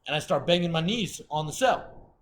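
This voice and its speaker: A man's voice: fairly high pitch, expressive, moderate pace, slight background noise. A man telling a rambling, profane story as a guest in a casual chat.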